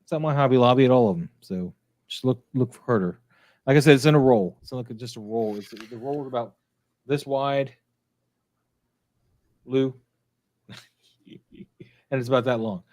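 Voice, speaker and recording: A man hosts a relaxed livestream chat, rambling through his points with plenty of ums and restarts. His voice sits at an ordinary middle pitch and sounds dry and close to the mic, with no room around it. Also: moderate pace, long pauses, dry recording. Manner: rambling, filler-heavy, friendly. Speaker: podcast host.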